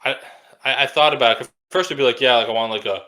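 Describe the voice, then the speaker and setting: A young man with a bright, crisp tone who talks fast and jokes with his co-host. He chats casually and slips into acted-out quotes. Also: mid-range voice. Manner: fast, joking, acts out quotes. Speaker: podcast co-host. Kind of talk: casual chat.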